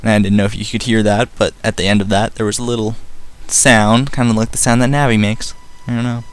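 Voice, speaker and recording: A man's voice: fairly low pitch, fairly even intonation, fairly quick, smooth. A young man commenting on a game casually, rambling, joking and swearing. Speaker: let's player.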